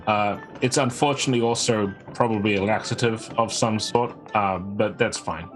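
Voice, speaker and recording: A man taking part in a tabletop game, pausing and restarting as he thinks. His voice sits fairly low. Keyboard typing and soft music are heard behind him. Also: low-quality recording. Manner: hesitant, halting. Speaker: player.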